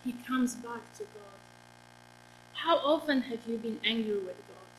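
Slow, high-voiced woman preaching. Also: expressive, fairly bright tone, slight background noise, poor audio. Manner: earnest, asks the congregation questions. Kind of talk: sermon.

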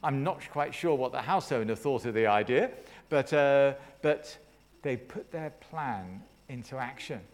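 A man's voice: mid-range voice, expressive, a little slow. A man preaching a sermon, retelling a story with dramatic flair and friendly asides to the congregation.

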